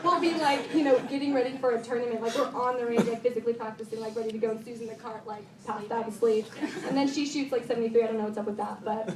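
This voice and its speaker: A woman's voice: fairly high pitch, little pitch movement, very fast, hardly any pauses, crowd noise, background noise. A teenage girl giving a rambling, heartfelt thank-you speech at a golf banquet, full of "like" and "um". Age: teens. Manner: bubbly, rambling, lots of "like" and "um". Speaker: high school golfer giving a banquet speech. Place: banquet room. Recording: echoey room from far off with loud ambience.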